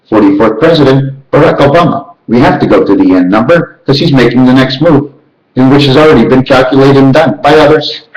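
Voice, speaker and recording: Through a reverberant, low-quality recording, a man rambles in monologue. He counts and chants numbers and letters rhythmically, darting between ideas as his pitch jumps suddenly.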